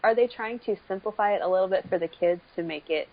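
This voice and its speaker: A woman co-hosting a casual podcast chat, measured and wry. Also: medium pitch, muffled recording. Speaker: podcast co-host.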